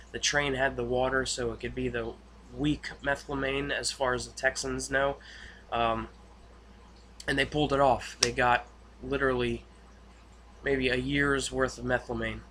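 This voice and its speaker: A man giving a casual, rambling spoken recap of a TV episode, full of fillers and excited asides. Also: medium pitch, moderate pace, slight background noise. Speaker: TV episode reviewer.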